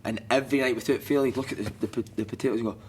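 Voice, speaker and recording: A man's voice: mid-range voice, steady tone, racing, slight background noise. A Scottish man, a former footballer and podcast guest, telling stories in casual chat, swearing freely, laughing through them and acting out other people's lines. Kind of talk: casual storytelling. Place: studio couch.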